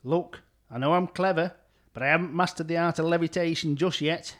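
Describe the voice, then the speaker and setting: A man's voice: a little high, steady tone, fairly quick. A man playing a grumpy, sarcastic caller who keeps losing his temper with a help desk. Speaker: exasperated caller. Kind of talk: comic sketch acting.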